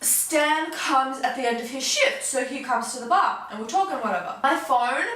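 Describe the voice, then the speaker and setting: Young woman vlogger, high and animated, storytime rant, echoey room, mic a bit far off. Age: 20s. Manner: animated, fast-talking, swings from low mutters to high outbursts. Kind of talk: storytime vlog, casual chat.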